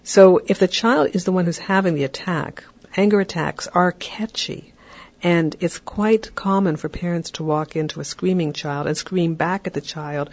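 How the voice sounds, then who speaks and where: A podcast host giving parenting advice in a calm, explanatory way, often checking in with "right?". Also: medium pitch, moderate pace, highs cut off.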